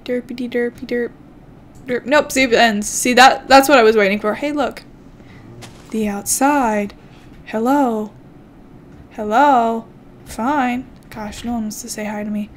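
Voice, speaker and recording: A woman's voice: a little high, unhurried, pauses often, slight background noise. A young woman chatting playfully to herself while commenting on her game as a channel host. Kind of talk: casual gameplay commentary.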